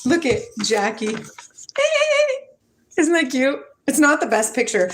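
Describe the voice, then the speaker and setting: A woman in her forties from Washington state hosts a casual spiritual livestream, chatting with viewers and reading their comments in a soft, affectionate way, laughing often. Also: sits high, huge pitch swings, takes it slowly, soft background music. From Washington state, USA. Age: 40s. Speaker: livestream host.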